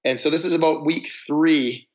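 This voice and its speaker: A man in his forties, a musician guest on a podcast, telling stories in a rambling way with many restarts and drawn-out words. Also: a little high, fairly even intonation. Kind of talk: casual chat, storytelling. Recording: slightly dull lo-fi audio.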